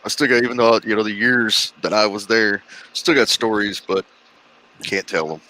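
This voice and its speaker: A man's voice: fairly low pitch, fairly even intonation, moderate pace, pushed and bright, poor audio. A middle-aged man in a laid-back chat, telling stories and chuckling often. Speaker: guest. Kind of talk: casual chat.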